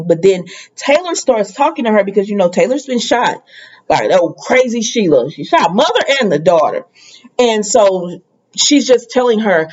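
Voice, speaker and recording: A woman's voice: medium pitch, lively intonation, unhurried, a little mellow, highs cut off. A woman chattily recapping a soap opera episode for viewers in a casual spoken style. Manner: chatty, addresses viewers directly.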